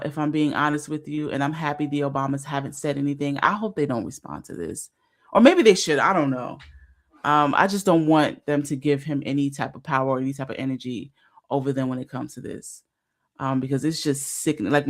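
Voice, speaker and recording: A woman hosting a casual livestream, talking emphatically, repeating herself and filling pauses with fillers. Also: deep voice. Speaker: livestream host.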